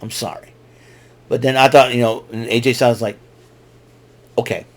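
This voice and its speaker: A man hosts his own show and recaps events into a microphone in a loose, casual monologue. His voice sits at an ordinary middle pitch. He rambles, trails off and restarts his sentences as he goes. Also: steady tone, moderate pace. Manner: rambling, with frequent restarts and fillers. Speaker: show host. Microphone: talking into a microphone.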